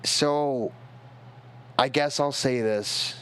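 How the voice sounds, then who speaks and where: Young man, tipsy, rambling, halting, emotional storytelling, middle pitch, faint background noise. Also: fairly bright tone. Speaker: streamer. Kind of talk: casual storytelling on a stream.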